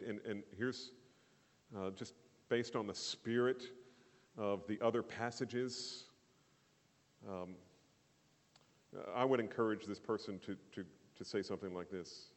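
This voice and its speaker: A man preaching a sermon in an earnest, emphatic way, with loud rising bursts and quiet asides. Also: lowish voice, lively intonation, normal speed. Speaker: pastor. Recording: long hall reverb.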